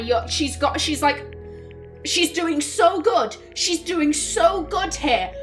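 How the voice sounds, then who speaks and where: A woman hosting a let's play, reacting to a game in an exasperated, expressive way and swearing often. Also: high-pitched, slow, soft background music. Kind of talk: game commentary.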